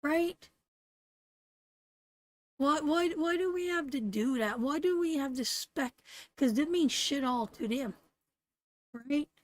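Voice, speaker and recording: High-pitched woman, middle-aged, from Canada, tarot reader on a live stream, blunt and salty, dry close sound. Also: lively intonation, slow, pauses often, dry recording. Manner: blunt, salty, preachy pep talk to viewers.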